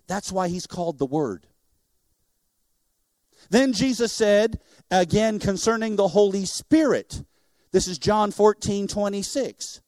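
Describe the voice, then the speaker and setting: A middle-aged man, a missionary preacher, giving an animated sermon in church and joking with the congregation. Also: high voice, takes it slowly, pauses often, no room sound, clean studio sound.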